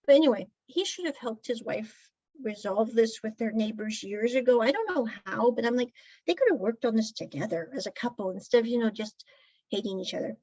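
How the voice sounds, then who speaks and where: High-pitched woman chatting thru a show recap, kinda breathy, dry dull lo-fi sound. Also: animated, brisk, a little mellow, no echo. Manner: chatty, laughs often, retells scenes with quoted dialogue. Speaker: drama reviewer. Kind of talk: casual episode recap.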